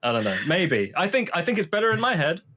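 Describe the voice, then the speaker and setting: Animated man joking on a podcast. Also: high-pitched, quick pace. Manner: laughs often, hesitant fillers. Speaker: podcast co-host. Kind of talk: casual comedic chat.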